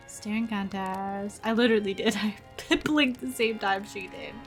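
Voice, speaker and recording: A woman's voice: medium pitch, unhurried, faint music behind. A young woman streaming a story game, reading its text aloud and reacting with frequent laughs in casual commentary.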